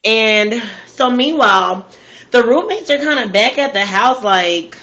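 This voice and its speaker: Slow-talking woman recapping a crime story. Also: on the high side, bright, forceful tone, low-quality recording. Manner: slangy, conversational, drawn-out storytelling. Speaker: storytelling host. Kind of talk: casual true-crime recap while eating.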